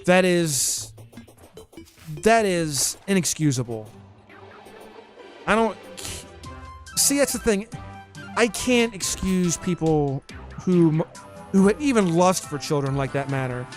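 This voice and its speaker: A man's voice: sits high, lively intonation, slow, long pauses, faint music behind. A man streaming a game live, chatting casually and answering his chat as he plays. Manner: chatty, reads and answers chat, frequent restarts.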